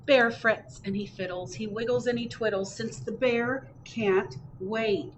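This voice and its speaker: Lady librarian reading picture books aloud, slow and expressive, chatty, in a library. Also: a little high, a little hiss or hum, low-quality recording. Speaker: children's librarian. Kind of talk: picture book read-aloud. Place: public library.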